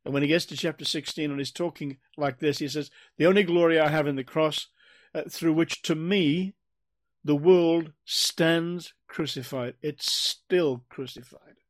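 In a somewhat high voice recorded with no echo, a man delivers an expository sermon teaching from the Bible. He is earnest and emphatic, frequently repeating and restarting phrases as he explains.

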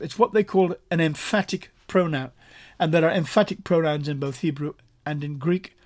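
A man's voice: fairly high pitch, moderate pace. A man preaching a sermon, explaining a passage point by point in an earnest, emphatic way that repeats key phrases. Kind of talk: sermon teaching.

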